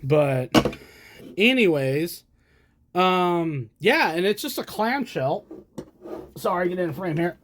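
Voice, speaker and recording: Over a noisy background, a collector from the United States shows off his vintage equipment indoors at a camera stand. His voice is high and animated, but he talks slowly with long pauses, rambling casually and poking fun at himself in chatty asides.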